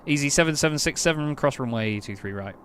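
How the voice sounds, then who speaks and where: A man's voice: on the high side, animated, fast talker, fairly bright tone, a little hiss or hum. Chatty English man on a live stream. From England. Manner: chatty, thinks aloud, crisp clipped radio phrasing. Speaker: streamer playing an air traffic control game. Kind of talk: casual live-stream chat mixed with radio calls.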